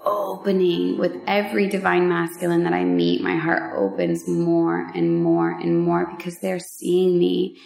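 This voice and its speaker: A woman on a vlog, telling a personal story in a casual, heartfelt way, with emotional pauses and many fillers. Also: fairly low pitch, big pitch swings, creaky, darkish tone, echoey room. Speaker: vlogger sharing a personal story.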